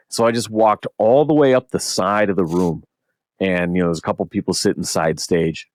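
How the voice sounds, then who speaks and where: A middle-aged man, a podcast host, telling a long convention story in casual chat, animated and swearing often. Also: low-pitched, brisk, no room sound, clean studio sound.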